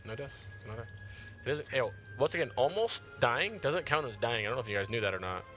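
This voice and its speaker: A man giving chatty, excitable live commentary while playing a game, tired after an early start. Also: mid-range voice, fairly quick, soft background music. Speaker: gaming streamer.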